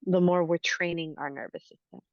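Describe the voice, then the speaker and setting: A woman coach explaining healing concepts in an interview, calm and teacherly. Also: on the low side, a little fast, no room sound, narrow, tinny audio. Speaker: inner-child healing coach.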